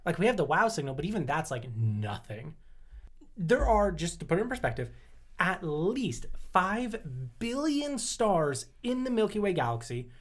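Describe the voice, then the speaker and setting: A man's voice: sits high, big pitch swings, normal speed. A man co-hosting a casual podcast, explaining at length, laughing often and swearing casually. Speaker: podcast co-host. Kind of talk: casual chat.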